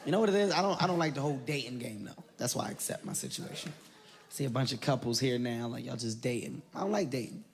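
A man performing a stand-up comedy routine, animated and shouty, jumping into high squeals, on stage before a live audience. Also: quick pace. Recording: live show with audience noise.

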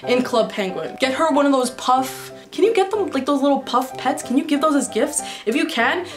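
High-pitched and animated at a normal speed, a woman vlogger from New York tells candid, curse-filled stories while answering her viewers' questions. Background music accompanies the casual Q&A.

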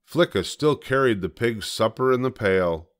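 An older man reading a children's story aloud as storyteller, gentle and measured. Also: mid-range voice, animated.

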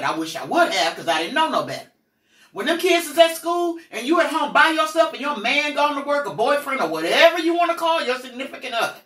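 A middle-aged woman telling personal stories in a blunt, profane, animated way as the host of a candid talk. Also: high voice. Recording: roomy echo, mic at a distance.

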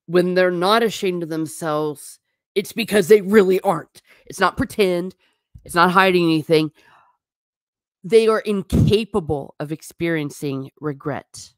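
A woman with a low voice hosts a casual livestream and muses aloud. She reads out viewer comments and now and then slips into a stern teacher tone. The sound is dry, with no room echo. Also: takes it slowly, long pauses. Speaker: livestream host.

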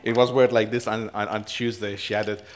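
A man's voice: flat delivery, fairly quick, slight background noise. Dramatic male pastor preaching. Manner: dramatic swings between loud, raised passages and quiet, low asides; chuckles as he preaches. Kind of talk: sermon.

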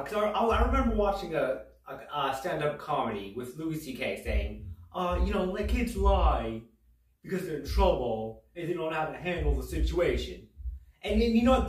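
A man telling a home-made stand-up story in a rambling, halting way, with many restarts and a tag of "right?". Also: on the high side, reverberant, distant mic, poor audio. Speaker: comedian. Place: home room.

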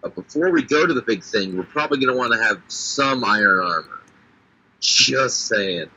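A man's voice: medium pitch, animated, moderate pace, bright, forceful tone, slightly rough. A man chatting casually while playing a video game, with a crude, sarcastic manner and a lot of swearing. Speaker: guest player. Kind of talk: casual gameplay chat. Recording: dull lo-fi mic.

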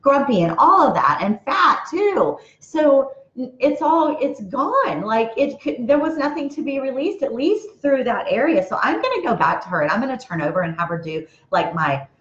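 A middle-aged woman tells a story to her viewers in a casual, animated way, acting out each line of a conversation. Her voice sits at an ordinary pitch. The sound is roomy and a little dull. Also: normal speed. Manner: animated, acts out both sides of a conversation. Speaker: vlogger.

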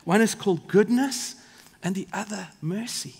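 A man voicing a simple old Scottish shepherd with a put-on Scottish accent, speaking in a homely, drawn-out way. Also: sits high, gravelly, darkish tone, husky, heavily acted. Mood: fond. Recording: long reverb of a church hall.

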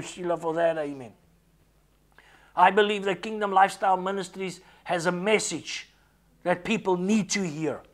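Male preacher, high-pitched, impassioned sermon delivery that climbs to cries, seated at a desk. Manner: impassioned, rising to cries at peaks. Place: indoors, seated behind a desk.

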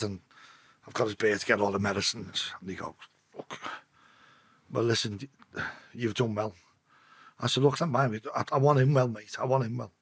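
Husky Liverpool man telling a story. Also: mid-range voice, fairly bright tone. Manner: swearing, acting out voices in his tale. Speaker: podcast guest. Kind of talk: emotional storytelling.

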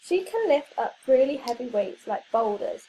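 A woman reading a children's story aloud, clear and expressive. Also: high voice, normal speed, slight background noise, poor audio.

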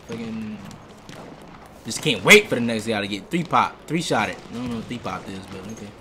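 Man, live gameplay streamer, casual, excitable, swears a lot, bouncy pitch, loud game sounds behind. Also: a little fast. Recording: game noise under the voice. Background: loud game sound effects.

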